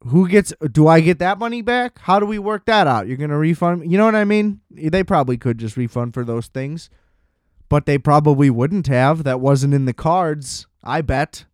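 Speaking at a regular pace, a man with a somewhat high, expressive, darkish voice rants on his own podcast, sounding casual, exasperated and foul-mouthed. The recording is dry and studio-clean.

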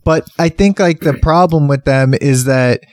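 A man co-hosting a podcast in casual chat, excitable and laughing often as he reenacts movie scenes. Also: on the high side, measured pace, no echo, clean studio sound. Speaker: podcast co-host.

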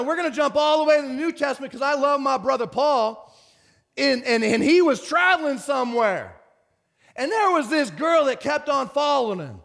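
High-voiced preaching pastor. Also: male voice, gravelly. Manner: animated preaching, swings from shouts to whispers. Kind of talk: sermon.

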